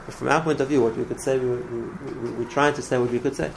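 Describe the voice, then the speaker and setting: A man's voice: mid-range voice, fairly even intonation, fast talker, vocal fry, a little hiss or hum, low-quality recording. A man teaching a religious class in an earnest way, often repeating words and restarting his phrases. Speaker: Torah teacher.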